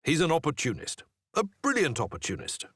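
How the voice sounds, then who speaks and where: A man's voice: a little high, wildly swooping pitch, brisk, fairly bright tone, husky, no echo, exaggerated voice. An actor playing a proper male officer, formal and dry, slightly exasperated. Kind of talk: video game voice acting.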